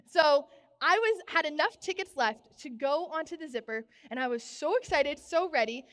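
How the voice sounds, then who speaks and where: A young woman preaching a sermon in a church, telling stories with bubbly, animated exclamations. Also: high-pitched, moderate pace. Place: church sanctuary. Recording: long church reverb.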